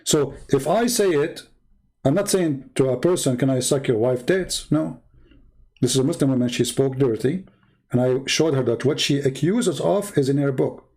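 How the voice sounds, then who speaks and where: A man's voice: mid-range voice, moderate pace, darkish tone, slightly rough. A man hosting a livestream, talking in a blunt, combative and repetitive way. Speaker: host. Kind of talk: livestream commentary.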